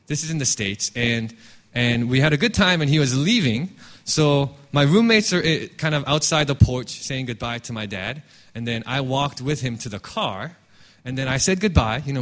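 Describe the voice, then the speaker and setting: A man preaching a sermon as a pastor, talking candidly and telling stories with restarts. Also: fairly high pitch. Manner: animated, candid storytelling with frequent restarts.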